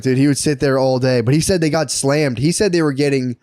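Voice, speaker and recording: A man co-hosting a podcast, telling a story in casual chat, excited and profane, laughing and acting out the people he quotes. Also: medium pitch, a little fast, no echo, clean studio sound. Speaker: podcast co-host.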